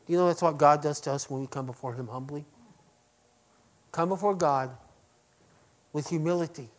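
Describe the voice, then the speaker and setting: A middle-aged man preaching to his congregation, swinging between loud emphasis and quiet lines and asking them direct questions. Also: fairly high pitch, normal speed. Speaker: pastor. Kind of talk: sermon.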